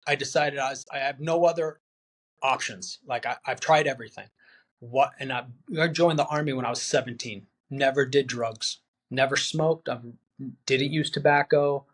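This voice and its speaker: Medium in pitch and a bit bright, this man's voice belongs to a veteran on a podcast. He's candid, earnest and plain-spoken in the interview conversation, voicing his friends' lines as the story unfolds.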